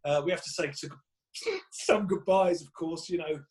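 A man, a guest comedian telling animated stories in casual chat and acting out quotes with laughs. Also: sits high, moderate pace.

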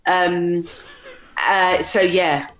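A woman's voice: lowish voice, fairly even intonation, extremely slow, fairly bright tone, low-quality recording. A middle-aged woman speaking as an interview guest, telling stories candidly and mimicking quotes with animation. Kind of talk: conversational interview.

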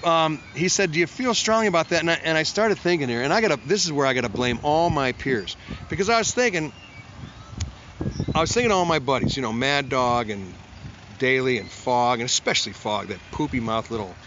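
A man's voice: medium pitch, expressive, fairly quick, fairly bright tone, dull audio, slight background noise. A man, a musician, telling long stories in a casual interview, full of restarts and acted-out quotes. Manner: rambling, self-interrupting, acts out quotes in a raised voice. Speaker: musician guest.

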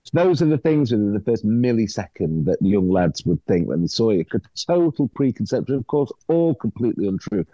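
A man's voice: lowish voice, a little fast, no room sound, dull audio. A man, a podcast guest telling stories in a blunt, jokey way. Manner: animated storyteller, blunt and jokey. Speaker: actor guest. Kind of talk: casual podcast chat.

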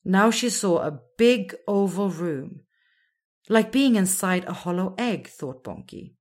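A woman narrating a children's storybook in a slow, expressive storytelling manner. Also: mid-range voice.

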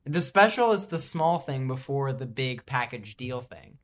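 A young man in casual podcast banter, playful and quick to joke. His voice sits at an ordinary male pitch. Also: expressive, fairly bright tone. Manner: playful, jokey. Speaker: podcast co-host.

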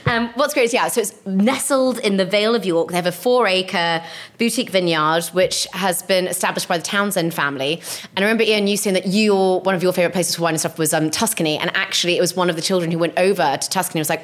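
A woman in her young adult years hosts a relaxed podcast chat, her voice sitting on the low side. She talks enthusiastically and keeps the conversation moving with plenty of "um" and "like". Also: fast. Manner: enthusiastic, chatty, many fillers like "um" and "like". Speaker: podcast host, wine expert.

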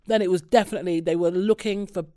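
A woman in a casual chat, animated and slangy. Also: fairly low pitch, quick pace, no echo, studio quality. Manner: animated, slangy, full of asides.

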